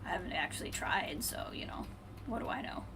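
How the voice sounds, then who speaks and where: A woman streaming a video game, thinking aloud and muttering to herself, then brightly greeting her viewers. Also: fairly low pitch, lively intonation, brisk, noisy background. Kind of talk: casual live-stream chat while playing.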